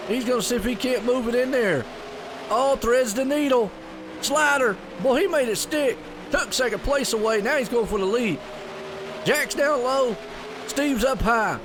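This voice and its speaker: A man calls a sim race in a high, excitable voice, full of folksy sayings. His voice jumps up on the big moves. A steady noisy hum sits under the recording. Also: unhurried. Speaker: race commentator. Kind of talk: sim racing play-by-play commentary.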